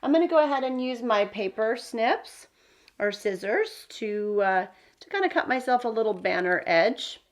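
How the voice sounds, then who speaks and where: A woman's voice: fairly high pitch, animated, normal speed. Chatty woman demonstrating card making. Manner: chatty, thinking aloud with fillers. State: hiccups. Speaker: card-making tutorial host. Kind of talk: casual crafting demonstration.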